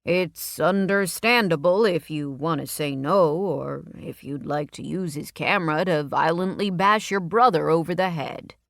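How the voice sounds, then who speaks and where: A woman's voice: low voice, a little slow, creaky, few pauses, no room sound, studio quality. A woman voicing a cautious, hesitant man in an audiobook. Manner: hesitant, tentative.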